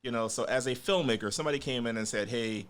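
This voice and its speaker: A male independent filmmaker co-hosting a film podcast, his voice of ordinary pitch. He talks in a relaxed, rambling way, full of fillers, and often breaks into laughter. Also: very fast. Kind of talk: casual film chat.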